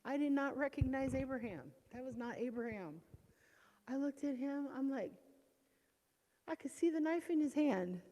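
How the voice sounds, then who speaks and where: A middle-aged woman speaks with a warm, mellow voice as she shares a painful testimony in a church sanctuary. She stops and restarts often, dropping to near-whispers and then rising to loud, strained outbursts. Her words ring with the long reverb of a large church hall. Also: high voice, expressive. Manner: voice swinging from hushed to loud and strained; halting, with restarts. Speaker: church member giving a testimony. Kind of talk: emotional personal testimony.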